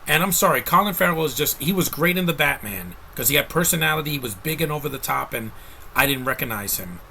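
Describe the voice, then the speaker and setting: A man's voice: on the high side, animated, quick pace, vocal fry, sharp tone, slight background noise, rough recording. A man giving a casual, rambling movie review rant, blunt and exasperated, with frequent restarts.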